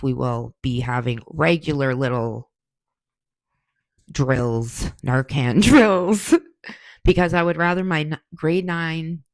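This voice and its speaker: A woman's voice: rumbling low, dry recording. Blunt, profane woman in her forties. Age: 40s. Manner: blunt, profane, heated storytelling. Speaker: podcast host. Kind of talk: casual monologue answering questions.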